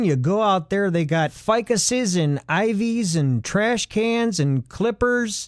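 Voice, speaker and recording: Comedy host, male, slightly high pitch, deadpan rambling ad read, dry studio sound. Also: dry recording. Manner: rambling, trails into asides and restarts.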